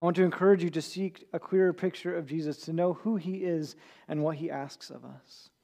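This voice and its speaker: A man with a high voice preaching an earnest sermon. He speaks conversationally and now and then stumbles and repeats a word as he gathers his thought. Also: steady tone, fairly quick, creaky, dark tone. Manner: earnest, with small restarts and repeated words. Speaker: pastor.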